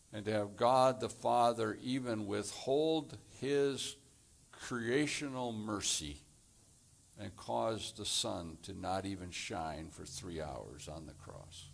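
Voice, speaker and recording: A man preaching a sermon as pastor, deliberate and measured, delivering his points in short phrases. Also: fairly low pitch, gravelly.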